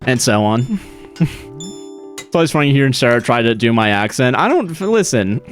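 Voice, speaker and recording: With a mid-range voice that swings widely in pitch, a young American streamer chats at a moderate pace. His talk is rambling, profane and full of laughter, with faint music in the background.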